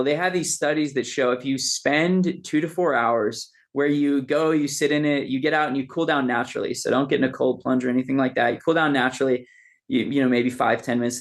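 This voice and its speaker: A man with a gravelly, mid-pitched voice tells long stories in a relaxed podcast conversation. He talks loosely and with energy, dropping "dude" and "man" into nearly every thought. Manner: animated storyteller, says "dude" and "man" a lot. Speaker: podcast guest. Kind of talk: casual podcast chat.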